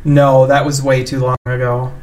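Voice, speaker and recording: Brief: wry, joking tabletop player, mid-pitched voice. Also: completely flat delivery, normal speed, darkish tone. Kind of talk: casual tabletop game play.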